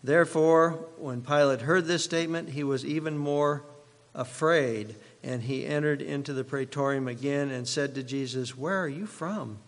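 A man, a pastor, reading scripture aloud and preaching in a sermon, with a measured and dramatic delivery. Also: on the high side. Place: church sanctuary. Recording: long reverb of a large hall.

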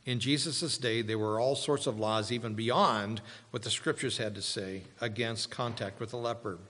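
A man preaching a sermon as a pastor, slow and deliberate, with dramatic pauses and rising emphasis. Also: mid-range voice, bright, forceful tone. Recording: long hall reverb.

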